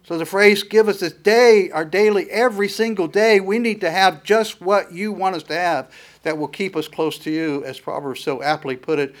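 A man's voice: high-pitched, moderate pace. A man preaching a sermon in an earnest, emphatic teaching manner, with frequent fillers and restarts.

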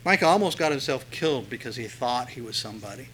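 Male preacher, bright voice, chatty storytelling sermon, faint hum. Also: medium pitch, animated, fast talker, rough recording. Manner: conversational, storytelling, with many fillers.

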